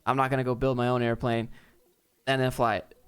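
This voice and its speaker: Laid-back man with a smooth voice. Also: mid-range voice, little pitch movement, a little fast. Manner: laid-back, joking, off-the-cuff. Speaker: streamer answering viewer chat. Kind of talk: casual live chat Q&A.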